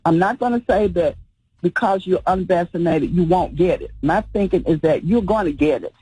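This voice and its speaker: A woman's voice: lowish voice, moderate pace, mellow, husky, poor audio. A woman, a funeral home owner, speaking earnestly as a guest on a radio show. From Birmingham, Alabama, US. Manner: earnest, explanatory. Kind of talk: radio interview.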